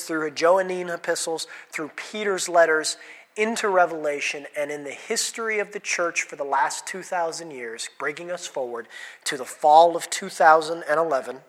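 A man's voice: on the high side, fairly bright tone. A man preaching an interactive sermon, asking the congregation questions and calling on people by name. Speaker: pastor. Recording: hall reverb.

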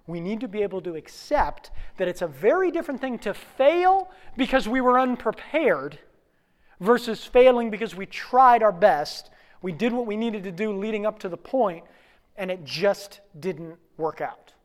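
Animated storytelling preacher. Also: mid-range voice, moderate pace. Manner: animated storyteller, swings from quiet to loud. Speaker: pastor. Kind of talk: sermon.

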